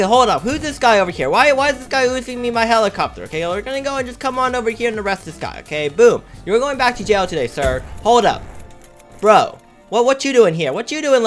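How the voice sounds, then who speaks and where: A man giving excitable, trash-talking commentary over his own gameplay as a gaming YouTuber. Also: sits high.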